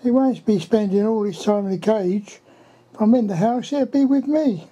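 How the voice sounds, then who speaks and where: A woman's voice: medium pitch, normal speed, dark tone, breathy edge, muffled recording. A woman filming at home, talking fondly to her pets in coaxing baby-talk. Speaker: home video maker. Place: at home indoors.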